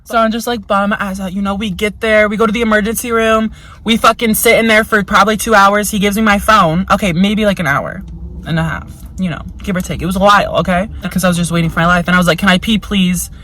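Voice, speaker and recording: A woman's voice: medium pitch, steady tone, fast talker, fairly bright tone, poor audio. A young woman telling a story in a casual vlog. She is chatty and frank, swears a lot, fills her speech with "like", and slips into voices when she quotes people. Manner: chatty and frank, heavy swearing and lots of "like" fillers. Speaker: vlogger.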